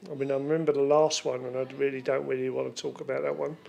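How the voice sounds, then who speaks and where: A man's voice: medium pitch, level tone, fast, gravelly, darkish tone, lo-fi sound. A man, telling a casual, rambling memory as a family friend. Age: 60s. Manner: chatty, rambling, jokey. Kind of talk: casual spoken tribute.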